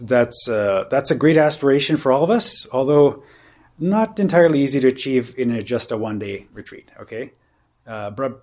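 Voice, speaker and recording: A man leads a meditation retreat, explaining the practice in a loose, conversational way. He rambles and restarts his sentences, leaning often on "you know" and "like". His voice sits at a middling pitch for a man. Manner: casual and rambling, full of "you know" and "like" fillers. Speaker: meditation teacher. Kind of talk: informal dharma talk at a retreat.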